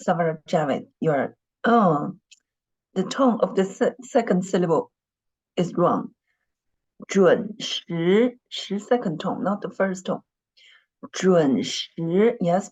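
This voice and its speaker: A woman leads an online dictation lesson, speaking patiently, repeating words and often clearing her throat. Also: on the low side, a little mellow, muffled recording. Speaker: Mandarin teacher.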